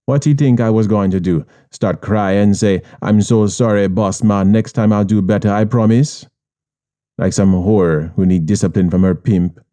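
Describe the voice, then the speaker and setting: A man's voice: lowish voice, dark tone. A man with a Jamaican accent narrating an audiobook in first person, hard, streetwise and profane.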